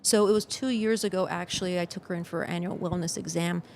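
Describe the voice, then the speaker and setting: A woman's voice: fairly low pitch, fairly even intonation, fast talker, gravelly, a little mellow, slight background noise. A woman guest on a podcast talking casually about her dog's health, rambling with frequent "you know" and "uh".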